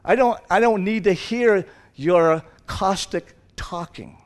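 A protective, fatherly God who firmly defends his child against gossip, as a preacher acts him out. The voice sits noticeably higher than the man's usual speaking voice and presses each point with insistence. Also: slow. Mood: insistent.

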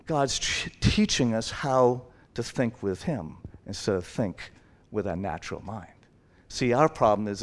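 A man's voice: medium pitch, lively intonation, normal speed. A male preacher giving a conversational Bible teaching, informal and rambling, often acting out little dialogues.

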